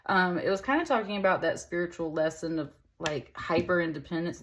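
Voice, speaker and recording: A woman's voice: on the low side, animated, fairly quick, hardly any pauses, a little hiss or hum. A woman giving a casual tarot reading to camera, chatty and upbeat, speaking straight to her viewers with fillers and endearments. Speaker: tarot reader.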